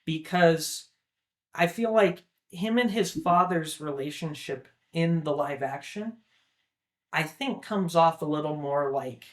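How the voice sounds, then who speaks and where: A man's voice: on the high side, takes it slowly, a bit bright. A young man co-hosting a casual film discussion, talking enthusiastically and rambling with lots of filler words. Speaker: podcast co-host.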